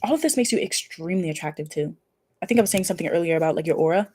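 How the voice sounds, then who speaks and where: A woman's voice: lowish voice, rapid-fire, background noise. A woman giving a casual pick-a-card tarot reading, effusive and emphatic, with casual swearing. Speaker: tarot reader.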